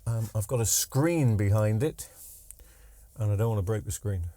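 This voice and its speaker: A man's voice: fairly low pitch, moderate pace, dark tone, dry recording. Guy chatting through a tv fix, lots of ums and side jokes, dry close mic. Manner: rambling, joking asides, many ums and restarts. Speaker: TV repair vlogger. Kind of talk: casual chatty workshop vlog.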